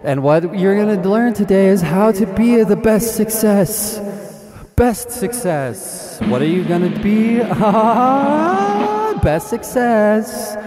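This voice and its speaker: A man's voice: on the low side, steady tone, measured pace, few pauses, over a noisy crowd, lightly acted. A man voicing a male self-help guru on stage, salesy and effusive, rambling without stopping. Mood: hyped.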